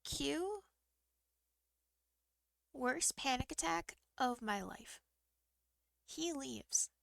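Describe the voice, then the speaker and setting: A young woman streamer telling a long story in a rambling, halting way, often restarting her sentences. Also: sits high, animated, vocal fry, a bit bright, dry recording. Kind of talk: casual storytelling to a live stream.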